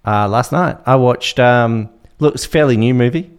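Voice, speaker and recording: A man co-hosting a casual podcast, joking in a dry, deadpan way. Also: medium pitch, moderate pace, clear, resonant tone. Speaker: podcast co-host. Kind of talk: casual chat.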